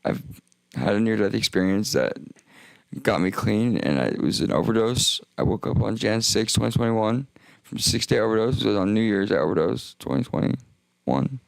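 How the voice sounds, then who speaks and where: A young man with a deep, gravelly voice full of vocal fry rambles through a profane livestream monologue. He keeps breaking off mid-sentence and circling back. The sound is close and dry, with no room around it. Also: normal speed, dry recording. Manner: rambling, profane, self-interrupting. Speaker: streamer.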